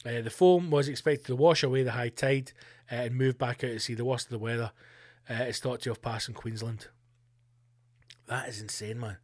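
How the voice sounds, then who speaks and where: A man's voice: mid-range voice, steady tone, normal speed, a little mellow, no echo, clean studio sound. A man hosting a casual comedy podcast, swearing freely and joking as he reads a news story aloud. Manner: sweary, jokey banter while reading a news story aloud. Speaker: podcast host. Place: home studio.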